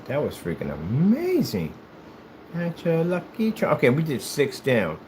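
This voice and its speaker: A man from the United States chatting casually while he plays, telling rambling, animated stories in a hyperactive way. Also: fairly high pitch, measured pace, a little hiss or hum. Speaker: gaming streamer. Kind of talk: casual chat while playing.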